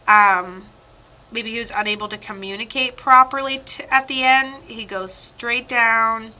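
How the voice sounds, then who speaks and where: A woman psychic medium giving a chatty, rambling spirit reading over a video call, with sudden excited outbursts. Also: a little high.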